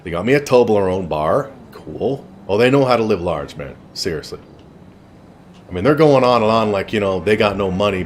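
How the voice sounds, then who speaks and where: A man's voice: on the low side, a little hiss or hum. A man telling a rambling personal story in a blunt, casual way with frequent swearing, while streaming a game. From Canada.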